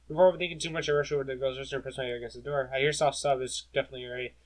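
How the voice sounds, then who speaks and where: A man casually narrating his way through a visual novel, adding quick asides of his own. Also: medium pitch, fairly even intonation, low-quality recording. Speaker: game reader. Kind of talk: let's play reading of a visual novel. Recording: guitar music playing underneath. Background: guitar music.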